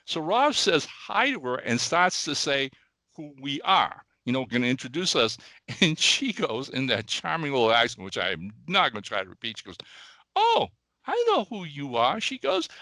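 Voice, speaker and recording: An older man from the Midwest co-hosting a casual podcast, animated, repeating words and often checking in with "okay?" and "all right?". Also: medium pitch, normal speed, no echo. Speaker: podcast co-host.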